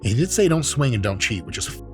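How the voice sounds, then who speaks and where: A man's voice: medium pitch, very animated, fast, soft background music. A man who is an exercise science professor, hosting and giving joking, profane commentary on training clips. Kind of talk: casual commentary on training videos.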